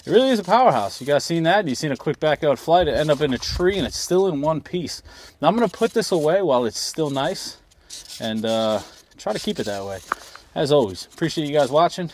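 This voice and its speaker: Chatty animated man flying RC planes outdoors. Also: fairly high pitch, a little fast, slight background noise. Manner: self-deprecating, chatty, animated. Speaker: RC plane hobbyist vlogger. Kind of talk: casual outdoor vlog while flying. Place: outdoors at a flying field and backyard.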